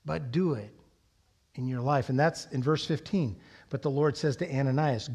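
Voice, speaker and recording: A middle-aged man preaching a sermon in a church, telling a personal story with animated, rising emphasis. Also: mid-range voice, normal speed, husky. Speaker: pastor. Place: church sanctuary.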